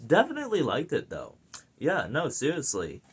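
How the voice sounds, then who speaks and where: A man's voice: fairly high pitch, wildly swooping pitch, moderate pace, breathy edge. An American man giving a casual film review, rambling and enthusiastic, with plenty of fillers and restarts. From United States. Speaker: movie reviewer.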